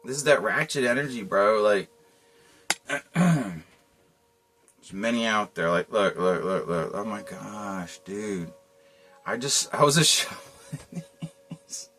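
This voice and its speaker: A man's voice: on the low side, expressive, slow pace, pauses often, sharp tone, soft background music. Rambling, slangy man reading tarot cards. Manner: loose and rambling, slangy, with frequent chuckles. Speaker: tarot reader.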